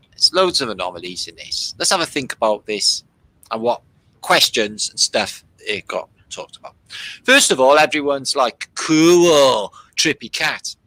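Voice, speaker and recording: Sweary animated British man streaming. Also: mid-range voice, no room sound, rough recording. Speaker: livestream host. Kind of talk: casual livestream commentary.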